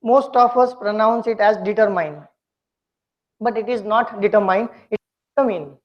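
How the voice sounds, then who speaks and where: A woman teaching a pronunciation lesson, speaking slowly and deliberately and repeating words for her students to copy. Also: fairly high pitch, flat delivery. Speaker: English communication skills teacher. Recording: dull lo-fi lecture recording.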